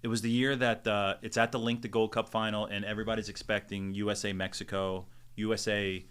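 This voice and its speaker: A middle-aged man, a stadium announcer, telling stories in a relaxed podcast interview and acting out the people he quotes. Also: fairly low pitch, brisk, smooth. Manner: animated storyteller, acts out quotes. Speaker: stadium public address announcer, podcast guest. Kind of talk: casual storytelling interview.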